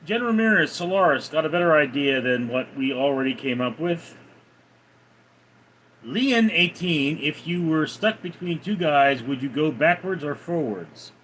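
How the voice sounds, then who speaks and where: A man's voice: fairly high pitch, expressive, a little slow, a bit bright, a little hiss or hum, low-quality recording. A man hosting a casual livestream, laid-back as he answers viewers' chat messages one by one. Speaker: livestream host reading chat.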